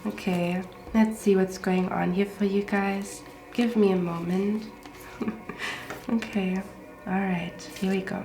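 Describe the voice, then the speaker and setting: Congested woman tarot reader, chatty, filler-heavy, echoey room with soft music under her. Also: mid-range voice, steady tone, slow pace, pauses often. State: congested from a cold. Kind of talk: pick-a-card tarot reading.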